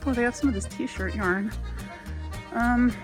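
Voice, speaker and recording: A woman's voice: fairly high pitch, fairly even intonation, unhurried. Woman, casual shopping vlog, chatty and wistful, phone recording in a store, faint music behind. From United States. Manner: chatty, wistful, with frequent soft laughs. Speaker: vlogger. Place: inside a large craft store. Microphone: phone held while walking.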